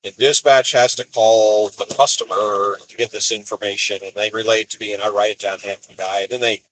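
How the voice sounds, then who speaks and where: A man's voice: fairly low pitch, fairly even intonation, fairly quick, fairly bright tone, no room sound, poor audio. A man, a van driver, telling road stories in a rambling, wry way during a live stream from his van. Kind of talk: casual storytelling live stream. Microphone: phone.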